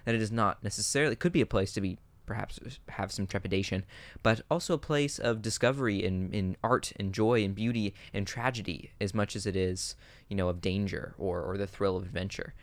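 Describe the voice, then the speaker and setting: A podcast co-host with a lowish male voice chats casually and briskly about building fantasy worlds for tabletop games, musing with many fillers and restarts. There is no room sound.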